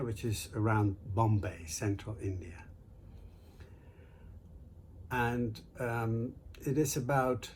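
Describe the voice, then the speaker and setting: A man tells a folk tale at a slow, easy pace, chatting to his listeners as host. His voice sits in a middle register, with a faint hiss underneath the recording. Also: mid-range voice, darkish tone. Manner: unhurried, conversational storytelling with fillers. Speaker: storyteller host. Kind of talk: oral folk-tale telling.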